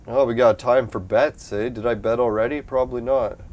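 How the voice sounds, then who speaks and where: A man's voice: medium pitch, fairly even intonation, brisk, darkish tone. Profane, rambling man chatting on stream. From Canada. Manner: rambling, profane, laughs often. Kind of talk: casual live-stream chat.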